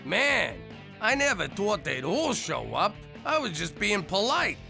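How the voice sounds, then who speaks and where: Brash cartoon ex-mobster, gravelly and lively. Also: male voice, high voice, a little slow, music in the background, exaggerated voice. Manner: gravelly, excitable. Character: brash former mob boss, middle-aged man. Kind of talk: adult cartoon voice acting.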